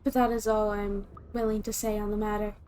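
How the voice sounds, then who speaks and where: A woman from the southern United States chatting on her gaming stream in a soft, calm put-on voice. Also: mid-range voice, fairly quick, a little hiss or hum. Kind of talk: casual gaming stream chat.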